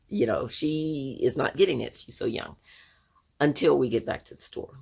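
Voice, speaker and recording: A woman's voice: deep voice, huge pitch swings, moderate pace, vocal fry, slightly rough. A woman in her sixties from Oklahoma telling a childhood story in a conversational, reflective way, full of asides. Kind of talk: personal storytelling to camera.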